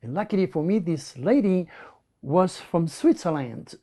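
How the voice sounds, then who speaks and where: A man's voice: high voice, measured pace. A man with a French accent, a native French speaker from the south of France, animatedly recounting personal stories in an interview and acting out what people said. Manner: animated storyteller who acts out quoted speech.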